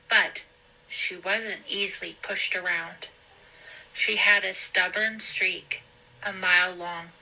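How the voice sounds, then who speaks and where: A woman reads a teen thriller aloud in a storybook style, slow and deliberate. Her voice is very bright and sharp-edged, sitting at a middle pitch for a woman. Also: poor audio. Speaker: host reading a novel aloud. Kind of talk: storybook reading.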